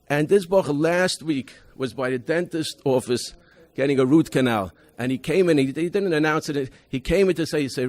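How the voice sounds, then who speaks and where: A man's voice: fairly high pitch, brisk. A man, a rabbi, giving a convention talk, telling emphatic stories about his students with many restarts and Hebrew and Yiddish terms. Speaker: rabbi presenting a school program.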